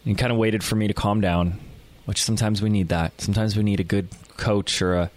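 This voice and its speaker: A man hosting a podcast, telling a story in a rambling, animated way with lots of fillers. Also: on the low side, moderate pace, no echo. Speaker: podcast host. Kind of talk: casual storytelling monologue.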